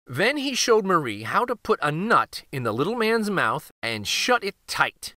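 A man hosting a children's read-aloud channel, reading a picture book in an expressive, lively storytelling way. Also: high voice, a little slow, hardly any pauses, no echo, clean studio sound.

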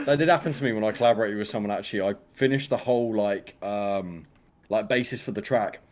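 A man's voice: fairly low pitch, fast talker, a little mellow. A British man chatting casually as an interview guest, swearing freely and acting out quoted lines. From Britain. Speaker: musician guest.

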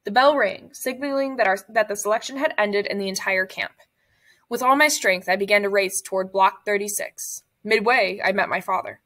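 A woman reading a memoir aloud in a measured, somber way. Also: medium pitch, fairly bright tone. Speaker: reader.

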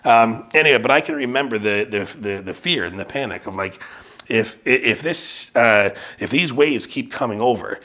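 A man's voice: medium pitch, animated, normal speed, bright, forceful tone. A man preaching a sermon in a casual, conversational way, telling a personal story with frequent fillers and restarts. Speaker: pastor. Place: church service streamed online.

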